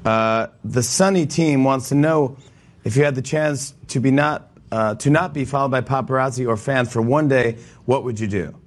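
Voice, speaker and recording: A man's voice: medium pitch, normal speed. A man hosting a casual interview, joking and teasing his guest and laughing often. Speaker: talk show host. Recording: noisy background.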